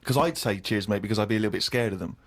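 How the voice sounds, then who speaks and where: A man's voice: lowish voice, expressive, very fast, slight background noise. A man telling a self-mocking comic story, acting out other people's lines and laughing at himself. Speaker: co-host of a comedy podcast.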